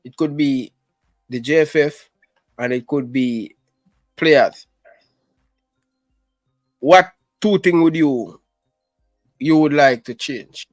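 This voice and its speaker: A man's voice: on the high side, slow pace, pauses often, dry recording, faint music behind. A man with a Jamaican accent talking football as a guest, using patois grammar and hesitating often. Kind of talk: casual chat.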